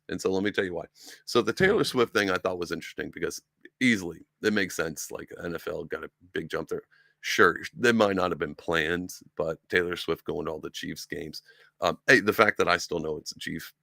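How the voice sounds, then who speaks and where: Sci-fi collectibles fill the room behind this man as he hosts his solo talk show, offering sarcastic, meandering commentary packed with ums and restarts. His voice is low-pitched and gravelly with a bit of brightness. The sound is dry and clean, like a studio.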